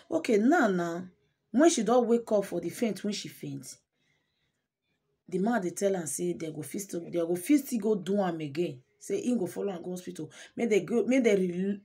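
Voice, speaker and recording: Husky Nigerian woman telling a story. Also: medium pitch, expressive, moderate pace, mellow. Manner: emotive, repeats words for emphasis, mixes Pidgin and English. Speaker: channel host. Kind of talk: casual storytelling vlog.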